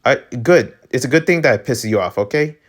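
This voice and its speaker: A man with a Filipino accent talks at a medium pitch in loose, excitable vlog commentary. He rambles and leans hard on fillers. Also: quick pace. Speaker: vlogger ranking breakdancers. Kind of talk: casual commentary.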